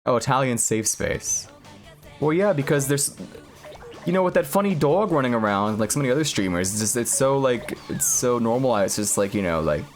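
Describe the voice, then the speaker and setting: A man streaming a game and chatting casually, rambling with lots of filler words and deadpan jokes. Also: mid-range voice, moderate pace, soft background music. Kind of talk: casual gaming stream chat.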